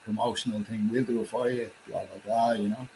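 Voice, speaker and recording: A man's voice: lowish voice, level tone, fairly quick, gravelly, darkish tone, a little hiss or hum, poor audio. A man in a casual chat who trails off into mumbles.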